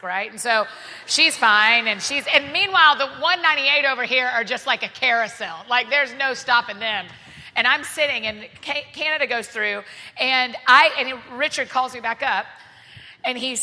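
A woman with an American Southern accent telling a self-deprecating story to a live audience as a guest speaker, animated and often laughing. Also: a little high, moderate pace. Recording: long reverb of a large hall.

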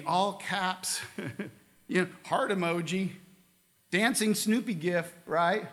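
A man's voice: sits high, slow pace, fairly bright tone. A man preaching a sermon as a pastor, earnest, with casual asides and light humor.

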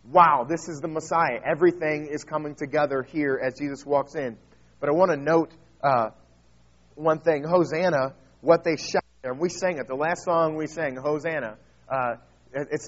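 A man's voice: a little high, muffled recording. A man from the United States preaching a sermon, earnest and emphatic, often restarting his phrases as he teaches. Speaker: pastor.

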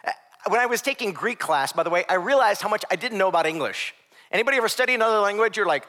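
A man's voice: sits high, lively intonation, quick pace, sharp tone. A young adult man preaching a sermon as pastor, conversational with joking asides.

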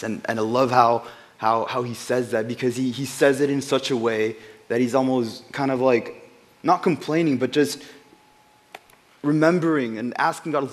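This informal Bible devotional comes from a man whose voice is mid-range and moderately paced. Earnest and chatty, he frequently repeats words and softens when things turn emotional.

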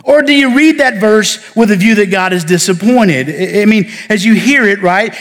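A man pastor preaching a sermon, building emphasis and then falling to soft near-whispers. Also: high-pitched, animated, moderate pace, hardly any pauses, big-room sound. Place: church sanctuary.

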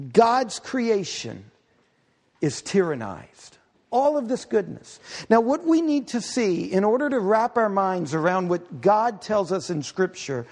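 High-voiced male pastor in a reverberant hall. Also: darkish tone. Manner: storytelling, playful asides to the congregation. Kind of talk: sermon. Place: church sanctuary. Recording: long reverb of a large hall.

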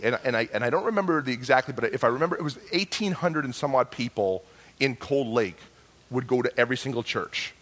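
A man's voice: mid-range voice, lively intonation, fast talker, fairly bright tone. A man preaching a sermon, telling a story in a conversational style, with frequent restarts. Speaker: pastor.

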